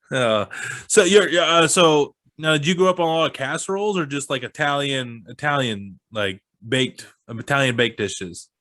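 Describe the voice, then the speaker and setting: A man's voice: mid-range voice, moderate pace, pushed and bright, no echo. A man from the Midwest hosting a casual podcast chat, rambling and laughing often. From American Midwest. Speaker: podcast host.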